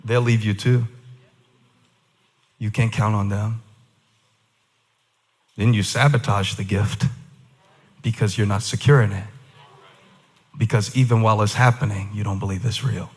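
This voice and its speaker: A male pastor preaching emphatically, shifting from quiet asides to shouted declarations. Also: lowish voice, fairly even intonation, unhurried, pauses often. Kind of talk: sermon. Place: large church auditorium. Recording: reverberant large hall.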